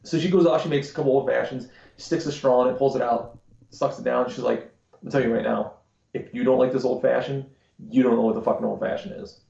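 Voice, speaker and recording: A man's voice: mid-range voice, fairly even intonation, fast, creaky, mellow. A man co-hosting a podcast, swearing freely as he tells stories in casual chat. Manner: crude, swearing storyteller. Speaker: podcast co-host. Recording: dull, roomy live-stream audio.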